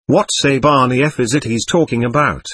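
A man's voice: mid-range voice, fairly quick, a bit bright, slightly rough, dry recording. A man voicing a blustering, loutish young clerk. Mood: angry. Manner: blustering and repetitive.

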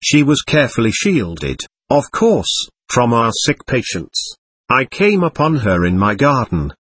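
A man reading a story aloud in the first person, with a gentle, expressive telling. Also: medium pitch, unhurried, a little hiss or hum. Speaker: narrator.

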